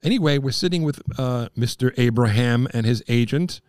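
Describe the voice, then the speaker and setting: A middle-aged man from Long Island telling stories in a casual chat, excitable and quick to put on high voices for the people in his tales. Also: smooth, dry recording, clean studio sound. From Long Island, New York. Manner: excitable, jumps into high-pitched impressions of people.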